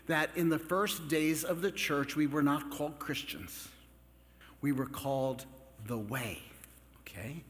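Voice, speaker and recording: A man preaching a Catholic sermon in a relaxed, conversational way, with joking asides to the congregation. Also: a little high. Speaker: Catholic priest. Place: large church. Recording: long church reverb.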